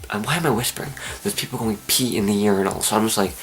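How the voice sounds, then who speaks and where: A teenage young man, telling a story to camera in an excitable, animated way. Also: fairly low pitch, rapid-fire, hardly any pauses, faint music behind. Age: teens. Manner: excitable, animated, acts out his own screams and whispers. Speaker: vlogger.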